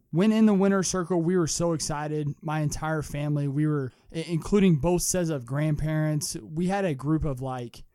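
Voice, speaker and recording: A man's voice: on the high side, mellow, dry recording, studio quality. Young man hosting a sports talk show. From Kentucky. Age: young adult. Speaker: podcast host.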